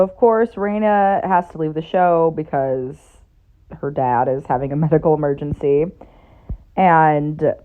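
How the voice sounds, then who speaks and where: A woman's voice: low-pitched, narrow, tinny audio. A young woman casually recapping a TV season, chatty, with lots of "like" fillers and wry asides. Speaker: TV series reviewer.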